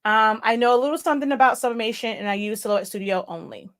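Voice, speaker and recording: A woman's voice: a little high, fast, a bit bright. A woman hosting a casual live Q&A tutorial, talking loosely to viewers with many fillers and asides. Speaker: livestream host teaching crafting software.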